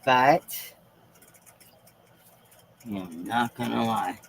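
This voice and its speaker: Woman, live-stream host: deep voice, slow and unhurried delivery, swears freely, fervent and emphatic. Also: gravelly, slight background noise, low-quality recording. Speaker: livestream host. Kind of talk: rambling live-stream monologue.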